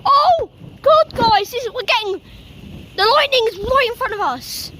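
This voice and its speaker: Speaking at a moderate pace with an extremely high pitch, a woman records a live storm vlog outside for her viewers. Rain, wind and thunder roar as she gasps, exclaims excitedly and keeps saying "oh my God," captured on a handheld or propped camera.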